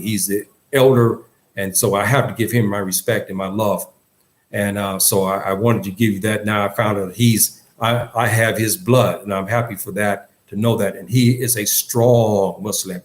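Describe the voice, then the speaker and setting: A man with a fairly low voice teaching an Islamic lesson. He speaks earnestly and emphatically, repeating points and restarting sentences as he goes. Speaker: religious teacher.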